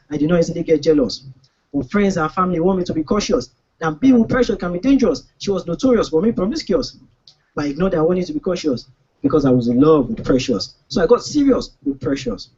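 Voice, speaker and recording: A man's voice: high voice, slightly rough, highs cut off. A man with a Nigerian accent performing comic spoken word poetry in a rhythmic, rhyming style, recorded live on a poetry stage. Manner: rhythmic, rhyming delivery with mock-dramatic outbursts.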